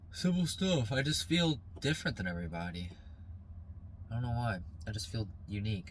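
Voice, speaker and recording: A man's voice: mid-range voice, sharp tone, a little hiss or hum, poor audio. A young man talking casually and motivationally to his phone camera outdoors, rambling at times and then turning heated and preachy. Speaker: vlogger.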